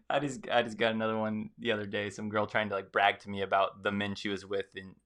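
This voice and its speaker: A man's voice: fairly low pitch, fairly even intonation, fairly quick, sharp tone. A man hosting a live stream, commenting on a video and acting out the quoted reactions of others with emphasis. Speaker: host.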